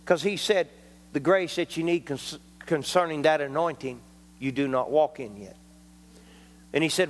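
A man's voice: medium pitch, moderate pace, long reverb tail. A man preaching a folksy, joking sermon in a church, dropping frequent amens. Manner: folksy, jokey, punctuated with amens. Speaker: traveling preacher.

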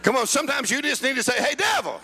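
A middle-aged man preaching a sermon, shouting and sing-song, mixing laughter and a told joke into his delivery. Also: very high voice, very animated, fast talker.

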